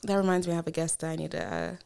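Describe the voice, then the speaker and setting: A woman's voice: low voice, very animated, very fast, gravelly, a little mellow, clean tone. A young woman co-hosting a podcast in casual chat, telling stories animatedly, swearing freely and laughing often. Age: young adult. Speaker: podcast co-host.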